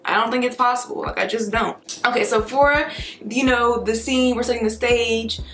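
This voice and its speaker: A young woman chats through a casual beauty storytime, slangy and prone to tangents, hiccuping as she goes. Her voice sits a little high, and the room around her sounds echoey. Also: steady tone, normal speed, fairly bright tone. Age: young adult. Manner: chatty, slangy, swearing, tangents. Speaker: beauty vlogger. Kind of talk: casual storytime chat while doing hair and makeup.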